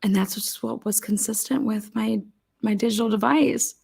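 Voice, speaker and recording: A woman's voice: mid-range voice, normal speed, creaky, darkish tone, husky. A woman mimicking a flustered young woman witness. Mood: hesitant. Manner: hesitant, stumbling, defensive. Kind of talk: mocking role-play.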